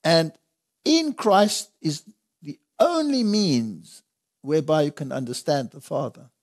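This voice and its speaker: A man's voice: on the high side, expressive, slow pace. A man teaching the Bible in conversation, earnest and emphatic, reading scripture aloud in old-fashioned wording.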